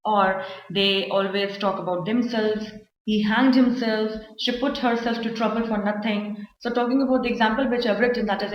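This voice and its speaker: A woman's voice: mid-range voice, a little hiss or hum. Woman teaching grammar in an echoey room. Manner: explains slowly, repeating examples with fillers. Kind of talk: classroom grammar lesson. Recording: echoey, dull lo-fi recording.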